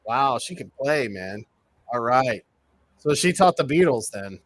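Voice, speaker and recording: A man chatting casually while co-watching a movie on stream, jokey and quick to exclaim and laugh. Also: mid-range voice, expressive, fairly bright tone, no room sound. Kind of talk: casual reaction chat.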